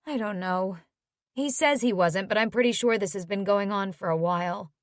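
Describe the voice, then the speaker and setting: A woman reading an audiobook, voicing a heartbroken young woman who is soft-spoken and wry. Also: mid-range voice, normal speed, no room sound, clean studio sound, natural voice. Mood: glum.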